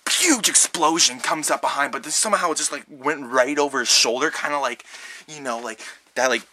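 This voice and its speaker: Young male vlogger, very bright voice, rambling comic storyteller who makes his own sound effects. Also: mid-range voice, moderate pace, no room sound. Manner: rambling, animated, full of mouth sound effects.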